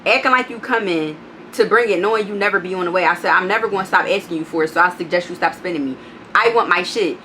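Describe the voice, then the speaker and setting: A woman vlogger telling a storytime, blunt and profane, animated as she reads out text messages. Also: fairly low pitch, quick pace, slight background noise, rough recording. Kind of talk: storytime vlog.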